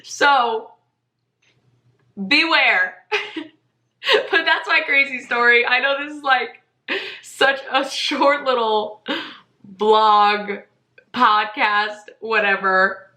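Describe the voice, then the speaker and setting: Woman podcast host, animated and breezy storyteller, bright voice, roomy echo. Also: a little high, drawn-out words, pauses often. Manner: animated, chatty, laughs often, says "whatever". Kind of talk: casual storytelling monologue.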